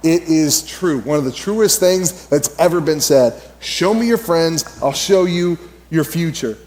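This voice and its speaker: A man in his thirties, a pastor preaching a sermon in a conversational, animated way with quoted asides. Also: on the high side, measured pace.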